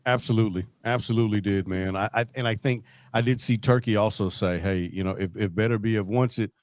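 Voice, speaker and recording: A man hosting a podcast, chatting casually about sport as an animated storyteller who laughs often. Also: fairly low pitch, brisk, dry recording. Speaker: podcast host.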